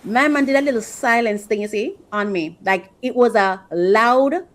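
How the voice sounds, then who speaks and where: A fired-up woman hosting a podcast, speaking in a fairly high voice. She talks with emphasis and hammers home her points by repeating phrases. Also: normal speed, fairly bright tone. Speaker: podcast host. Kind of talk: emphatic casual commentary.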